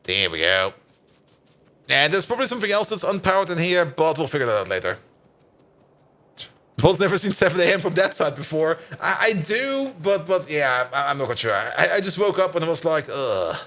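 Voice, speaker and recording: A man's voice: a little high, sing-song, brisk, bright, forceful tone. Tired, chatty male game streamer. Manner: chatty and rambling, laughs often, swears casually. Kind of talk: casual gameplay commentary.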